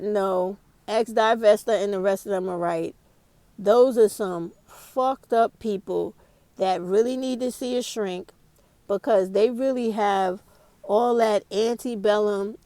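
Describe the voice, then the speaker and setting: A woman's voice: medium pitch, steady tone, a little slow, mellow, no room sound. A woman vlogger ranting to camera, blunt and heated, with a lot of swearing. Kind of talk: casual rant to camera.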